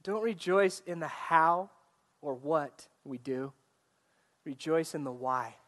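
A man's voice: fairly high pitch, slow pace, fairly bright tone. A man preaching a sermon in an earnest way, asking his listeners direct questions. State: choked up, coughing. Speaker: pastor.

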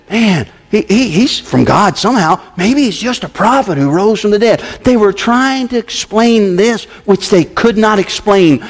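A man preaching a sermon to a congregation, emphatic, with sudden swings between loud and hushed delivery. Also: high-pitched. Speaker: pastor. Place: church service.

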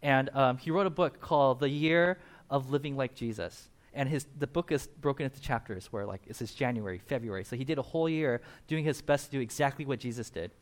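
A man preaching a sermon in a conversational, animated way, laughing now and then and adding asides. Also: medium pitch, a little fast, hardly any pauses. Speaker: pastor.

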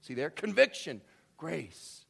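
A man preaching a sermon, telling a story with lively acted-out voices and swinging from quiet to loud. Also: on the high side, slow, gravelly, breathy edge. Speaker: pastor.

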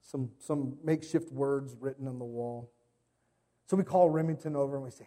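A man's voice: mid-range voice, fairly even intonation, normal speed, warm tone. A man in his thirties, a pastor giving a sermon, telling stories in a casual, conversational way with playful impressions.

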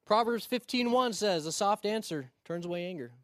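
A male pastor preaching a sermon, telling stories in a conversational way with quick asides and restarts. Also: sits high, expressive, dry recording. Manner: storytelling, conversational with quick asides and repeated starts.

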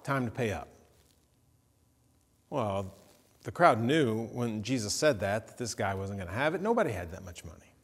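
A man preaching a sermon, retelling a parable with vivid storytelling that rises into animated emphasis. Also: fairly low pitch, moderate pace, in a large hall. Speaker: pastor.

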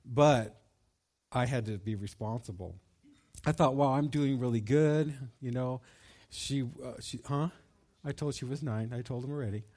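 A middle-aged man telling a personal story at a bible study, folksy and animated, with many fillers. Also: mid-range voice, moderate pace, long pauses.

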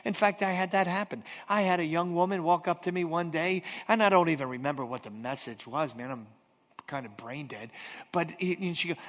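A man's voice: fairly high pitch, a little fast, a bit bright. A man preaching a sermon as pastor, telling stories and acting out quotes, chatting with the congregation. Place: church sanctuary. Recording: long reverb in a church hall.

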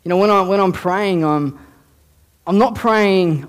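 Aussie youth pastor guy preaching, chatty, a bit high voice, keeps repeating himself. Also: a little slow. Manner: conversational, repeats words, acts out quoted voices. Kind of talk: casual sermon.

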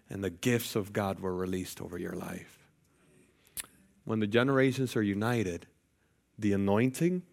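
Man, preacher, church sermon, animated storytelling, joking asides. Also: fairly low pitch, gravelly. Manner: lively, jokey asides to the congregation. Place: church sanctuary.

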